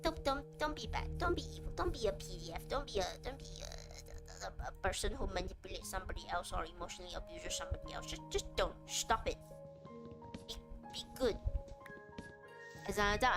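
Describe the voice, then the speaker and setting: A young woman streamer talking straight to her chat in an earnest, animated way, often restarting her sentences and leaning on fillers. Clear game music plays under her voice throughout. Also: mid-range voice. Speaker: VTuber streamer. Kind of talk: casual chat on a livestream. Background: background music.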